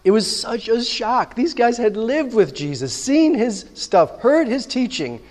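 A man's voice: extremely high pitch, very animated, unhurried, darkish tone. A man preaching a sermon, telling stories animatedly and acting out the dialogue himself. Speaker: pastor. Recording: long hall reverb.

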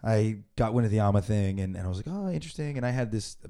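A man's voice: on the low side, fairly even intonation, quick pace, warm tone, smooth. A man, in his forties, telling a rambling story in a laid-back, casual conversation. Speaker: podcast host.

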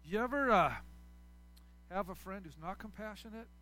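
A pastor delivering a sermon to his church, swinging between loud preaching and soft, quiet asides. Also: sits high, animated, moderate pace, a little hiss or hum.

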